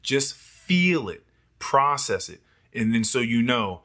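Animated man with a bright voice. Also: on the low side, measured pace. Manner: animated, acts out his own past thoughts in quoted voices, laughs often. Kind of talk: casual chat.

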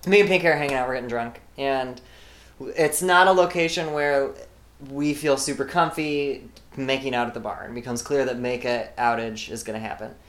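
A woman's voice: a bass voice, steady tone, moderate pace, reverberant. A woman guest on a podcast, telling a candid story in casual chat and joking as she goes. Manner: candid, joking, trails off and restarts.

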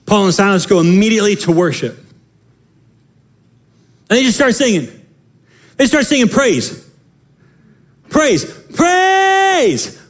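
High-voiced pastor guy preaching, big swings, repeats himself a lot. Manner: animated, emphatic, repeats phrases. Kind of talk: sermon.

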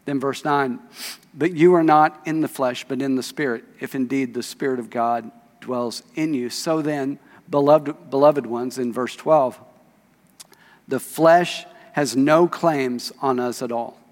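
A man's voice: medium pitch, measured pace. A male pastor preaching a sermon, reading scripture aloud in a conversational way and asking the congregation questions. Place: church sanctuary. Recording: long reverb of a church hall.

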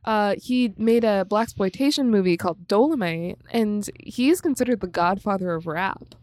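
A woman's voice: medium pitch, normal speed, no room sound, studio quality. Chatty young woman co-hosting a podcast. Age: young adult. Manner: relaxed, chatty, lots of fillers and laughs. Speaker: podcast co-host. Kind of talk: casual movie recommendation chat.

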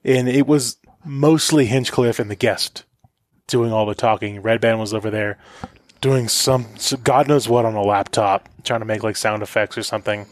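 A man's voice: fairly low pitch, steady tone, moderate pace, no echo, studio quality. A man co-hosting a casual podcast chat, making wry, teasing remarks. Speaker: podcast co-host.

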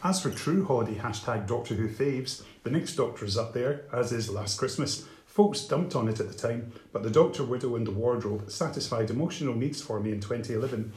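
A man's voice: mid-range voice, lively intonation, a little fast, hardly any pauses, darkish tone. Man co-hosting a podcast in an echoey room. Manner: informative, reads out listener replies. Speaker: podcast co-host. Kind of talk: casual chat.

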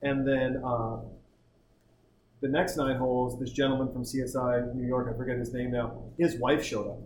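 A man's voice: medium pitch, flat delivery, normal speed, a little mellow, slight background noise. Rambling, jokey man in a roomy room. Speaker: podcast host. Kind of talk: casual group chat.

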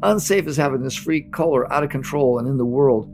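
A man's voice: medium pitch, a little fast, faint music behind, pitched above the performer's own voice, close to an everyday voice. A man voicing a furious woman commander. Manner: shouting, impatient, profane. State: out of breath. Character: fierce female field commander barking orders.

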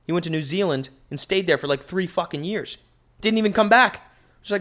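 A man hosting a solo podcast, rambling in an animated, profane way into a microphone. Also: high-pitched, a little fast. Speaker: podcast host.

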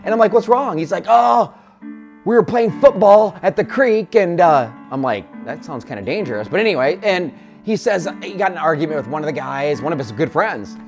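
A man preaching a sermon as pastor, talking through a story and building to impassioned, near-shouted declarations. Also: sits high, lively intonation, moderate pace, vocal fry, soft background music.

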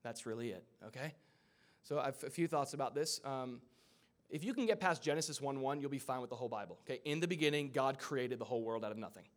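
A man preaching a sermon, retelling a scripture story in a casual way with asides and quick character voices. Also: medium pitch, animated. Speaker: pastor.

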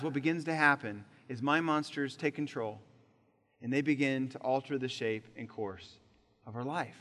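A man preaching a sermon as pastor, leading the congregation in call-and-response, swinging between loud emphatic peaks and quiet low drops. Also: normal speed. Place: church sanctuary. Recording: long hall reverb.

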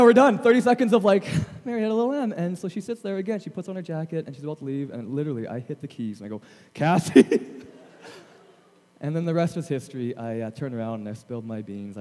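A man in his thirties, a guest chapel speaker, telling self-deprecating stories in a lively, animated way. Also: mid-range voice, fast, few pauses. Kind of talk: storytelling chapel sermon. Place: large chapel hall. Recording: long hall reverb.

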